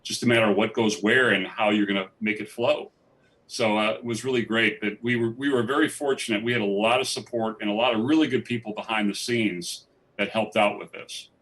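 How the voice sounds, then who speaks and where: A man's voice: fairly low pitch, steady tone, fairly quick, a bit bright. Rambling filmmaker man, distant mic. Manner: rambling, enthusiastic storytelling with many restarts. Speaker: documentary filmmaker guest. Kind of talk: live festival interview. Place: theatre stage.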